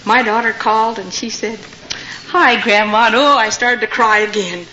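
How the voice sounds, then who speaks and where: Here an older woman recounts her testimony before an audience, bringing the people in her stories to life by acting out their voices. Her tone is pushed and bright, on the high side, at a normal speed. The audio is lo-fi and dull with a little faint noise.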